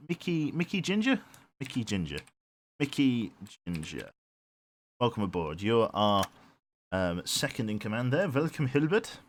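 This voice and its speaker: A man streaming a submarine game live, rambling on and humming to himself as he picks his crew and reads out chat. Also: medium pitch. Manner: rambling, hums while thinking, reads chat aloud. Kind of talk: live gameplay commentary.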